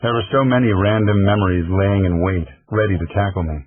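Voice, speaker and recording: Male audiobook narrator, low and husky, measured and reflective, in a dry room. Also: steady tone, dry recording. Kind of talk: scripted first-person narration. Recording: tinny phone-like dry audio.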